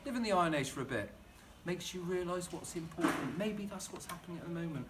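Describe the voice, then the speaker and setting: A man's voice: high-pitched, lively intonation, quick pace, very noisy. A middle-aged man chatting and rambling enthusiastically while demonstrating gardening at home in his kitchen. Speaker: gardening vlogger.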